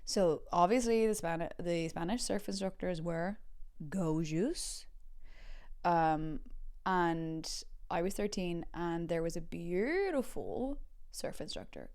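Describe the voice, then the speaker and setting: Young Irish woman, comedy podcast host, animated storyteller, smooth and clear. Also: measured pace. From Ireland. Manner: chatty, animated, acts out quotes with big pitch jumps. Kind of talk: comic storytelling.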